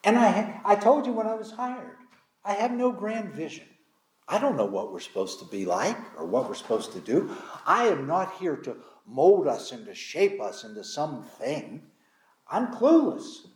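A man, a pastor, giving a sermon and telling candid, self-deprecating stories from his own experience. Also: moderate pace. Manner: candid, self-deprecating storytelling with lively pitch. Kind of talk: sermon with personal storytelling. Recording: roomy echo.

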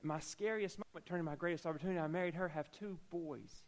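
A man's voice: a little high, quick pace, low-quality recording. A man preaching a sermon, telling a personal story with humorous asides and acting out the dialogue.

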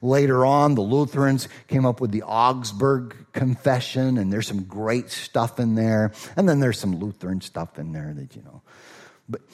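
A middle-aged pastor with a slight Southern accent delivers a sermon in an easy, chatty way. He drifts into casual asides and lifts his voice to stress key points. His voice sits in a middle pitch. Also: moderate pace. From Minnesota. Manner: conversational preaching with asides, rising to emphatic stress.

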